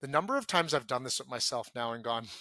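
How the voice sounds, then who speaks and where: A man speaking as a podcast guest in earnest conversation, acting out his own inner self-talk and dropping soft and low when he voices quoted feelings. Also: lively intonation, quick pace, dry recording.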